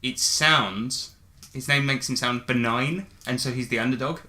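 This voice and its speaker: A man's voice: mid-range voice, a little slow, sharp tone. A man co-hosting a casual gaming podcast, crude and teasing. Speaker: podcast co-host. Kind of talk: casual banter.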